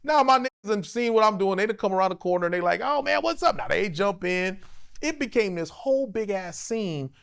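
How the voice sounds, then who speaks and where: A man in his forties spins a wild, profane story in casual talk. His voice sits fairly high for a man and swings widely in pitch, with a gravelly rasp running under it. He drops into other people's voices as he recounts what they said. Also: fairly quick. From United States. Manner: animated, profane, acts out other people's lines. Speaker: interview guest, actor.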